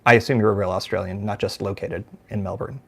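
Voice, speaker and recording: A man's voice: fairly low pitch, fairly even intonation, fast talker, vocal fry. Rambling American man hosting a live show. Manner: rambling, self-deprecating, lots of fillers and restarts. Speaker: podcast host. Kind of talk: casual live-stream chat. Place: home room.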